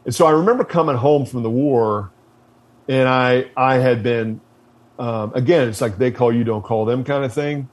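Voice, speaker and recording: A man being interviewed, casually telling stories with plenty of fillers, swearing and laughter. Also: medium pitch. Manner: relaxed, profane, many fillers, laughs while telling stories. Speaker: interview guest, former Marine officer.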